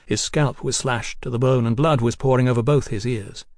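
A man narrating an audiobook in a steady, even storytelling manner. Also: mid-range voice, moderate pace, no room sound, studio quality.

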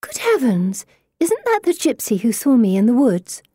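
A woman's voice: on the high side, very animated, normal speed, warm tone, breathy edge, dry recording, studio quality, pitched above the performer's own voice. Woman doing a squealing, gushing schoolgirl. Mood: coy.

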